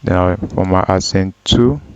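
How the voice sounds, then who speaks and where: Slow, deep-voiced man walking through software. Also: clean tone, dry recording. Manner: slow, step-by-step with frequent ums and self-corrections. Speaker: data analysis tutor. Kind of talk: screen-recorded software tutorial. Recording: dull, dry lo-fi voice track.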